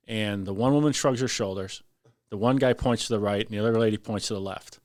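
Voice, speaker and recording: Deep-voiced man telling a fire rescue story. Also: quick pace, no room sound, studio quality. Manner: animated, acts out voices in his story. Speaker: firefighter lieutenant guest. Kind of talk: casual storytelling on a podcast.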